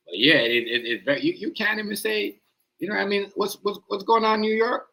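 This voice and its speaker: A man's voice: high-pitched, fairly quick, gravelly, pushed and bright, rough recording. A man hosting a live stream, rambling in casual slang and often asking "you know what I mean".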